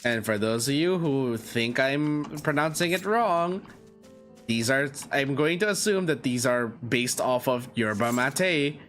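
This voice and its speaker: A man's voice: medium pitch, unhurried, a bit bright. A male streamer chatting casually while playing, musing aloud with fillers. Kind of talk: casual gameplay commentary. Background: faint game music.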